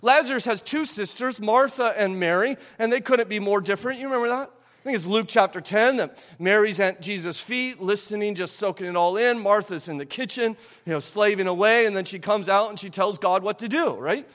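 High-voiced male preacher in a reverberant hall. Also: a little fast. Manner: rhetorical questions to the congregation, swinging between loud emphasis and hushed tones. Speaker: pastor. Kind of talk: sermon.

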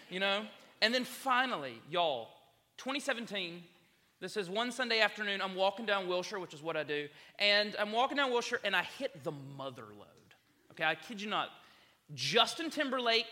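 Bright-voiced preacher, chatty. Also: male voice, high voice, big-room sound. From South Carolina, US. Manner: chatty, humorous storytelling. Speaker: campus minister. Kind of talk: sermon.

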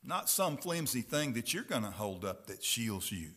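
A man preaching a sermon who reads scripture aloud with slow, earnest emphasis and asks his listeners direct questions. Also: mid-range voice, big pitch swings, fairly bright tone.

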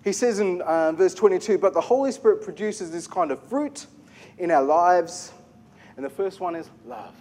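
A man preaching with a fairly high voice, lively and emphatic, often putting questions to his listeners and repeating his key words. A faint hum of noise sits behind him. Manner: animated preaching with rhetorical questions and repetition. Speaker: pastor. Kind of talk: sermon.

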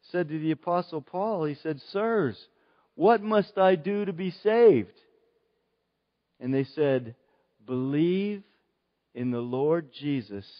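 Earnest male pastor, slightly high voice, dull lo-fi sermon recording. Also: big-room sound. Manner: slow, earnest preaching with long pauses. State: choked up with emotion. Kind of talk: sermon at a baptism service.

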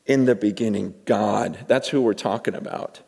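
A male pastor preaching a sermon, swinging between loud emphasis and hushed asides and repeating words as he builds his points. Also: fairly low pitch, normal speed, vocal fry, breathy edge. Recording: long reverb from a large hall.

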